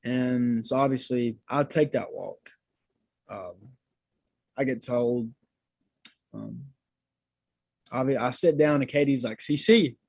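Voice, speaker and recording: A man's voice: mid-range voice, slow pace, creaky, pauses often, darkish tone, dry recording, rough recording. Laid-back young man, dry sound. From Georgia, USA. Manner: laid-back, slangy, talks to the host as "bro" and "dude". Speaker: guest, singer. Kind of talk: casual interview storytelling.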